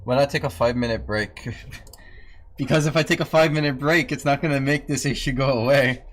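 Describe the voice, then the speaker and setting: A man's voice: mid-range voice, fairly even intonation, a little fast. A man livestreaming in casual chat, who swears freely, teases and scolds his dog in a lifted voice, and laughs often while answering viewers.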